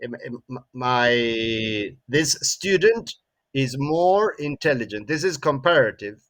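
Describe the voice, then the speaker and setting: Slow male English teacher. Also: medium pitch, lively intonation, a bit bright. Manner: frequent tag questions "no?" and "eh?", repeats words. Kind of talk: classroom grammar lesson.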